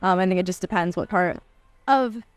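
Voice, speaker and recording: A woman's voice: fairly low pitch, moderate pace, no room sound. A woman who owns a bar, speaking casually in an interview with frequent ums. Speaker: bar owner. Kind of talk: interview soundbites.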